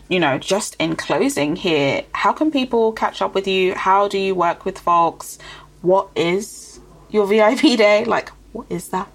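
A woman hosting a podcast interview, talking in an upbeat coaching tone and firing off quick rhetorical questions. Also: lowish voice. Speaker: podcast host. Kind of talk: casual interview chat.

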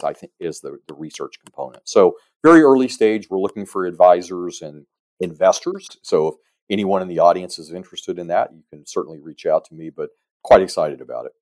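Low-voiced man explaining calmly. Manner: measured, explanatory, frequent "you know" fillers. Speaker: guest, business advisor. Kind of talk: conversational podcast interview.

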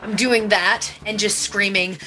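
Bright-voiced woman playing a tabletop game. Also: mid-range voice, fairly even intonation, a little slow, slight background noise. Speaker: player.

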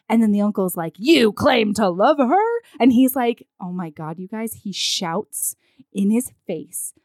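A woman recapping a film in casual chat, acting out the characters' lines in an animated way. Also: a little high, normal speed, no echo, clean studio sound. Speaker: podcast co-host recapping a film. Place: her living room.

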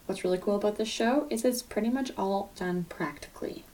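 A woman's voice: mid-range voice, brisk, dark tone, distant mic. A woman co-hosting a podcast in casual chat, enthusiastic and teasing as she talks through a show. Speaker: podcast co-host.

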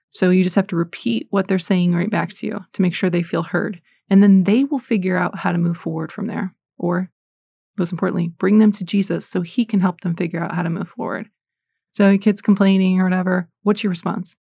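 Chatty woman with a gravelly, mellow voice. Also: on the low side, a little fast, no echo, clean studio sound. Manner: chatty, animated, self-deprecating. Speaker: Christian podcaster. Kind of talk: casual faith talk.

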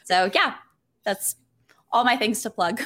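A woman's voice: mid-range voice, unhurried, a bit bright. A woman from South Carolina, a podcast guest chatting casually with many "like" fillers.

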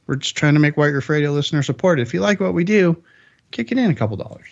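A man's voice: fairly high pitch, lively intonation, fast, gravelly. A man hosts a podcast in an easygoing, rambling way. He keeps the talk upbeat and often corrects himself mid-sentence. The recording sounds a little dull and lo-fi. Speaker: podcast host. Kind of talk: casual podcast chat.

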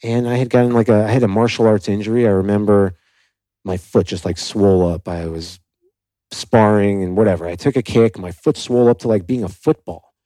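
A man's voice: fairly low pitch, a little fast, no room sound, poor audio. A young adult man from South Florida, a podcast guest telling his story candidly and animatedly, with many "like" fillers. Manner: animated, acts out quoted dialogue, frequent "like" fillers.

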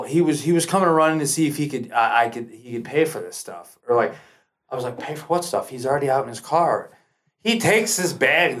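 A man, a podcast guest telling a long story casually, with lots of swearing and acted-out quotes. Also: medium pitch. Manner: profane, animated, acts out quoted lines.

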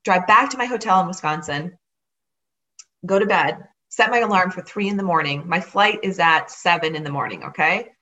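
Lady telling a story, kinda low voice, gets animated and does other people's lines. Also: normal speed. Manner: animated, acts out others' words. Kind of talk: personal storytelling.

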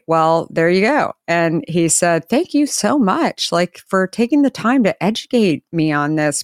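Woman, company founder, interview guest, animated storyteller, acts out quotes, smooth clear voice, dry close sound. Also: low-pitched, no room sound. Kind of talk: anecdotal storytelling in conversation.

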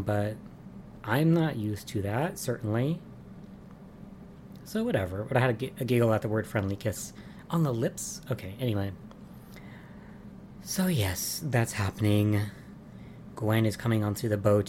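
In a mid-range voice with a dark tone, a man gives a casual, chatty recap of soap opera episodes, full of "um," "like," and amused asides. There's a little hiss or hum on the recording.

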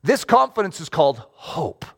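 Male pastor, sermon; high voice that swings widely, casual and animated, keeps asking "okay?". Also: normal speed, gravelly. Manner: animated, conversational, checks in with "okay?".

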